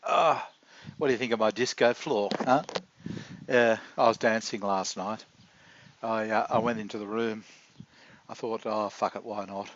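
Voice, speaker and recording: A man's voice: lowish voice, fairly even intonation, no room sound. Rambling man on a dull lo-fi recording. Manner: halting, confessional, many restarts. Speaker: vlogger. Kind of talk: rambling video diary.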